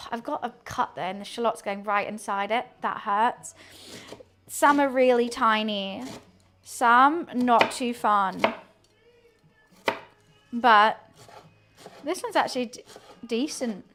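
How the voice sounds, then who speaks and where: A woman's voice: fairly high pitch, fairly bright tone. A woman, streaming casual chat while she cooks at home, rambling to her viewers and her kitten. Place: home kitchen.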